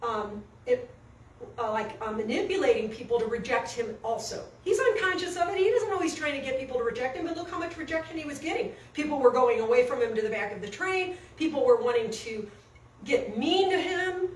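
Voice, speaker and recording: In a coaching session, a woman with a high-sitting voice tells a story fairly quickly, animated and acting out quotes. She's recorded off-mic from a distance in an echoey room with faint noise.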